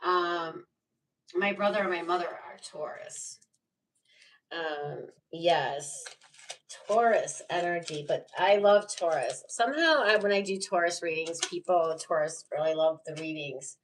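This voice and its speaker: A woman's voice: fairly low pitch, unhurried, distant mic, slight background noise, rough recording. A woman giving a casual live tarot reading, rambling and chatty with lots of fillers and frequent laughs. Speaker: tarot reader.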